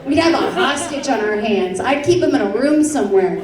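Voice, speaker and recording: A woman performing a stand-up comedy set on a club stage, brash and self-mocking, with a punchy delivery and a loud audience laughing behind her. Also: high-pitched, expressive, fairly quick. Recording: roomy club sound, heard from afar, loud crowd.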